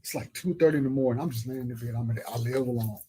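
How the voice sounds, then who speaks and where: A man's voice: medium pitch, racing, dark tone, a little hiss or hum, poor audio. A man on a podcast telling a personal story in a blunt, profane, drawling way. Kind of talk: casual storytelling chat. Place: live podcast studio.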